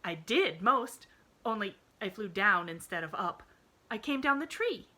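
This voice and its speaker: A woman voicing a cheerful, eager little girl who chatters in a high, breathless, bubbly voice. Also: big pitch swings, unhurried, sharp tone, full character voice.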